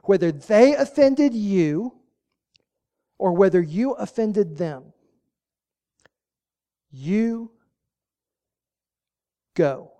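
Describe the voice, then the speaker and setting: A pastor delivers a sermon with a warm, mellow tone. The delivery is folksy and emphatic, with casual asides. Short commands are repeated to drive each point home. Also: mid-range voice, animated, extremely slow, pauses often, muffled recording.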